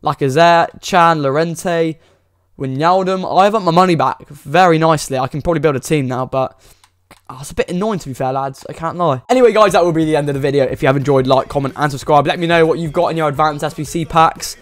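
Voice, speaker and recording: A young man giving excitable, pleading commentary while opening game packs, full of exclamations and slang. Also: fairly high pitch, quick pace, dry recording. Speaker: gaming YouTuber.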